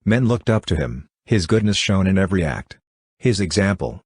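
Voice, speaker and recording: A man's voice: deep voice, expressive, normal speed, darkish tone, slightly rough, no room sound, clean studio sound. A man voicing a grieving young woman in an audiobook reading, with an earnest, mournful delivery.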